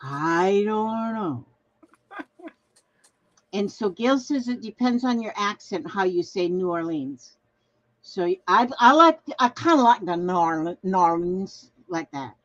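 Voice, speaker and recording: Woman host, rambling live-stream chat, slow and sing-song, muffled lo-fi audio. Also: medium pitch, animated, a bit bright. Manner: rambling, chatty, reads viewer comments aloud. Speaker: craft livestream host.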